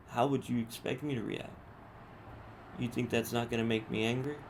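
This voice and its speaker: A man's voice: mid-range voice, normal speed, creaky, a little hiss or hum. A man hosting a podcast, telling a personal story in a casual, profane, slangy way. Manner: profane, street slang, animated retelling. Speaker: podcast host.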